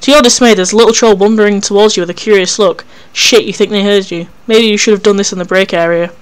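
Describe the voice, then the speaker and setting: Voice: medium pitch, fairly even intonation, fast, clean tone. A narrator reading an interactive story game aloud in a wry, casual way, swearing freely.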